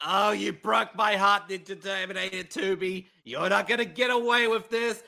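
A man's voice: high-pitched, steady tone, normal speed, vocal fry, exaggerated voice. A man voicing Louise, a distraught, melodramatic wife in an improvised role-play game. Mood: furious. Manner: melodramatic, pleading then shouting.

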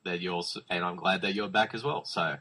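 A man's voice: low-pitched, steady tone, brisk, bright, forceful tone, slightly rough, poor audio. An Australian man hosting a casual podcast chat, introducing guests with jokes and laughter. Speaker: podcast host.

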